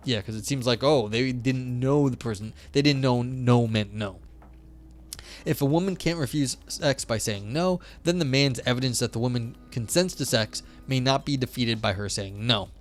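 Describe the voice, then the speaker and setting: Chatty man streaming a philosophy reading. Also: medium pitch. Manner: chatty and self-deprecating, reading aloud then explaining in plain terms. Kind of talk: live-stream reading with chat asides.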